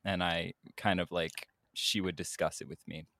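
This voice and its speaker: Man, podcast co-host, low voice, unhurried, gravelly, dry close sound. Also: little pitch movement, fairly bright tone, dry recording. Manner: laid-back, laughs often. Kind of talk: casual chat.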